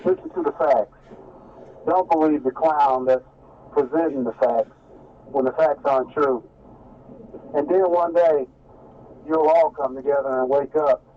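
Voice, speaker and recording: A male caller speaks emphatically in a preachy, warning tone. His voice sits at a middling pitch. The call audio is dull and lo-fi. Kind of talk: call-in opinion.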